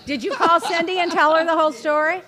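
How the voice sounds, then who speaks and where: A woman telling stories in casual podcast chat, animated and exasperated, often jumping in over others. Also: extremely high pitch, fast talker. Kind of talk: casual storytelling.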